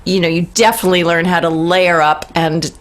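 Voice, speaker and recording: Chatty Boston woman, lower-pitched voice. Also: little pitch movement, a little fast, slight background noise. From Boston, USA. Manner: laughs often, chatty and playful. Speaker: guest singer-songwriter. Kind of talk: casual remote interview chat.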